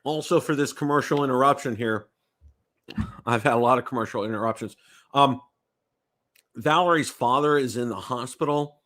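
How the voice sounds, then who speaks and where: Bright-voiced American man hosting a livestream. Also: mid-range voice, moderate pace, pauses often. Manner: rambling, repeats words, checks in with "okay?". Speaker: livestream host. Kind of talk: casual livestream chat.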